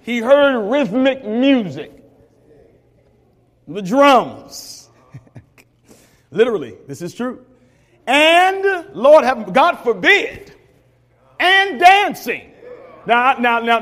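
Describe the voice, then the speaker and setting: Preacher man, high voice swinging all over, big echoey church hall behind him. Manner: preaching with rising, shouted emphasis and repeated calls to the congregation. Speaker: pastor. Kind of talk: sermon. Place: church sanctuary. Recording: long reverb of a large church hall.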